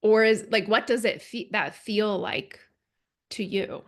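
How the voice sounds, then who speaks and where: Guest, woman, mid pitch. Soft-spoken, casual, light laughter. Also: fairly even intonation, slow pace. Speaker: podcast guest. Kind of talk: casual conversation.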